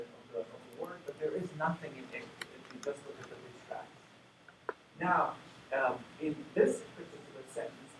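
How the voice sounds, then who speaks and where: A man giving an academic conference lecture in a hall, speaking in a measured way with many fillers and restarts. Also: on the high side. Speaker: plenary lecturer. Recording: echoey hall from far off with noise.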